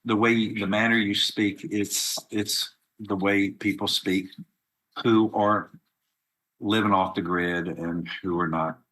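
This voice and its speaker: A man's voice: fairly low pitch, fairly even intonation, slow pace, a bit bright, poor audio. A man with a Texan accent presiding as a judge over a court hearing, stern and lecturing.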